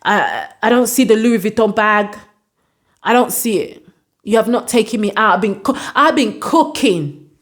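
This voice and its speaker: A woman's voice: mid-range voice, big pitch swings, normal speed, lightly acted. A woman voicing a demanding young woman who insists on being shown appreciation with gifts.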